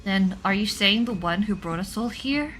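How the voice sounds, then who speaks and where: A woman's voice: medium pitch, expressive, normal speed, fairly bright tone, soft background music, lightly acted, rough recording. A woman voicing a bewildered teenage student, reading game dialogue aloud in her own voice, earnest and stammering. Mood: wary.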